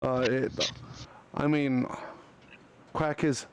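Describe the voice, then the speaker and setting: A man narrating a tabletop game as game master, relaxed and hesitant, with many fillers. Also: mid-range voice, drawn-out words, slight background noise.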